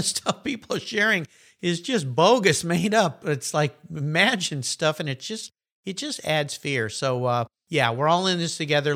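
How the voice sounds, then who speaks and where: Bright-voiced upbeat male podcast host. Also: a little high. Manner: upbeat, friendly, encouraging. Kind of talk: casual interview chat.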